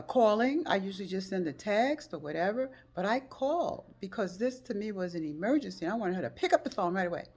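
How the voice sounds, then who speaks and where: An older woman telling a personal story in a vlog, her voice rising sharply as she re-enacts phone calls. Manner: emotional retelling, acts out phone calls in a high excited voice. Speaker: vlogger.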